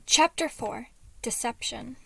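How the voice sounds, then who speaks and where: A woman reading a fan fiction story aloud as narrator, in a plain, unhurried way. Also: a little high, gravelly, slightly rough. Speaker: fanfic reader.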